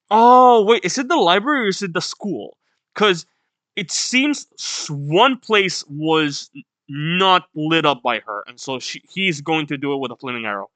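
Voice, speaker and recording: A manga reaction host reads comic panels aloud in a casual read-along, reacting bluntly, swearing now and then, and laughing at the story. He talks unhurriedly with a lively pitch that swings widely. The audio is bright and dry, with no echo.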